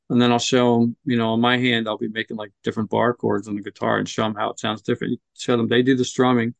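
Gravelly-voiced man, encouraging podcast guest. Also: fairly low pitch, no echo. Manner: chatty, encouraging, acts out kids' voices. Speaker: guest, music nonprofit leader. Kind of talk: casual podcast interview.

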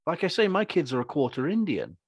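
A man who acts, talking through his opinions in a rambling, animated way and acting out other people's lines. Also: a little high, brisk, husky, no room sound. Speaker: podcast co-host and actor. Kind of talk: casual opinionated chat.

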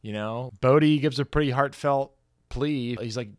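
A man co-hosting a casual movie review podcast, retelling scenes and quoting characters in a relaxed drawl. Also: medium pitch, normal speed, hardly any pauses, clean tone. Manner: chatty, quotes characters in a laid-back voice. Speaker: podcast co-host.

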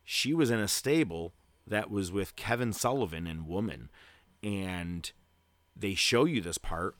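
A man with a very low voice talks in a loose, rambling way, heavy on fillers. He speaks close to the mic in a dry, dead room. He sounds like a podcast host chatting casually. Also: animated, measured pace, dry recording. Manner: grows loud and hyped toward a segment tease. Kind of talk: casual chat.

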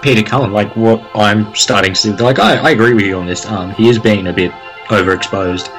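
Man, lowish voice, halting, casual podcast chat, faint music. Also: fairly bright tone. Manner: halting, many "um"s and restarts.

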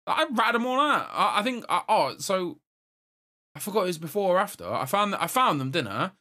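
A man with an English accent tells a game story in casual chat. His voice is a little high, bright and forceful, and his pitch jumps around a lot as he acts out his part. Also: brisk. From England. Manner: animated storyteller, swears freely, acts out his own lines. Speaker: gamer discussing a story game.

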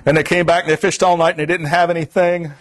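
A man's voice: on the high side, flat delivery, fast. A man from Florida preaching a sermon in an earnest, repetitive cadence.

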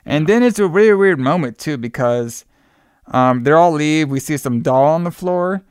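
A man's voice: a little high, lively intonation, normal speed, clear, resonant tone, dry recording, clean studio sound. A man casually recapping a film plot for a podcast, rambling with fillers and playful asides. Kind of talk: casual movie recap chat.

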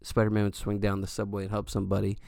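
A man with a low, gravelly voice hosts a casual solo podcast. He rambles between heartfelt sincerity and offhand jokes, leaning on fillers. The sound is dry and close, with no room around it. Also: completely flat delivery, rapid-fire, a little mellow, no echo. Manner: rambling, earnest and joking, lots of fillers. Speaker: podcast host.

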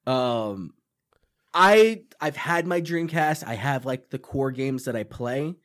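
A young man from Long Island, co-hosting a casual podcast chat, animated and swearing freely while acting out quotes. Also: medium pitch, takes it slowly. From Long Island, New York. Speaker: podcast co-host.

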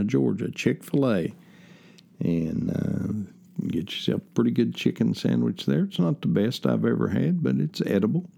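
A low-voiced older man rambles along in a relaxed, folksy monologue, dropping in fillers and personal asides. His voice is heavily gravelly with lots of fry, and the tone is dark and mellow. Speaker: host. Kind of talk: casual spoken monologue. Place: lives in central Ohio.

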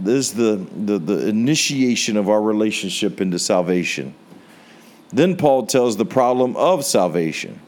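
A man's voice: medium pitch, animated, measured pace, darkish tone. An American man preaching a sermon, telling a personal testimony in an earnest storytelling way, his voice rising on rhetorical questions. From United States. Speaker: pastor.

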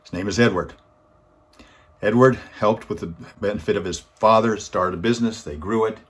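At a normal speed and with a slightly rough voice, a man gives his weekly inspirational talk. He's a motivational speaker telling a story earnestly, and his voice swells louder and higher on key points.

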